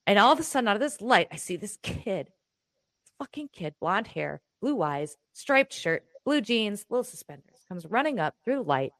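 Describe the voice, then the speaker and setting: Woman rambling through a story at home, animated, swears a bit, dry close sound. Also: mid-range voice, moderate pace, no echo. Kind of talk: casual chat, telling a personal story. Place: room in her home.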